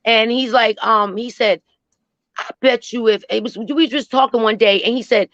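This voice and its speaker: Woman caller ranting on a live stream, high-ish voice, dull dry call audio. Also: fairly even intonation, moderate pace, a bit bright, no echo. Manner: blunt, profane, repeats herself. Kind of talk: emotional call-in rant.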